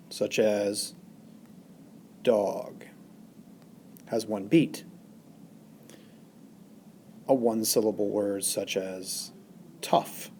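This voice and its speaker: A male teacher giving a recorded lesson, speaking deliberately and exaggerating stressed syllables. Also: on the low side, warm tone, slight background noise. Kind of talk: recorded classroom lesson narration.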